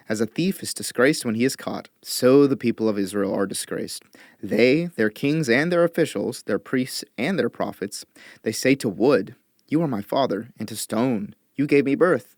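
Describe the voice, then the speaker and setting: Man, scripture reading, measured and expressive, mid pitch, dry close sound. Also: no echo. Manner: measured, expressive reading with quoted lines lifted higher. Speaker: Bible reader.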